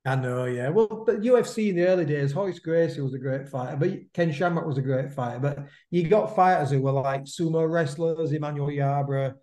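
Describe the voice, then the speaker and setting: A man's voice: on the high side, brisk, few pauses, dark tone. A man, co-hosting a casual podcast chat and padding his points with "mate" and tag questions. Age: 50s. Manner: chatty, repeats himself, drops in "mate" and "isn't it?" tags. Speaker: podcast co-host. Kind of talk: casual chat about boxing. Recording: roomy echo.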